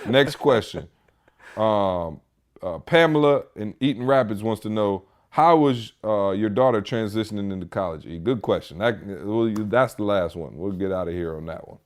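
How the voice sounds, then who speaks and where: A man's voice: fairly low pitch, animated, normal speed, a little mellow. A man co-hosting a podcast, reading listener questions in a casual chat with joking, exasperated rants. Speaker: podcast co-host.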